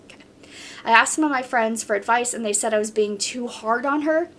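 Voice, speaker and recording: A woman's voice: a little high, fairly quick, fairly bright tone, a little hiss or hum. A woman hosting a podcast in casual chat, reading posts aloud and reacting bluntly.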